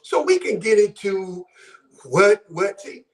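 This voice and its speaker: Impassioned and preacher-like, this caller from Buffalo, New York often raises his voice during his talk show commentary. His high voice is sing-song and slow, with reverberant sound from far away from the mic.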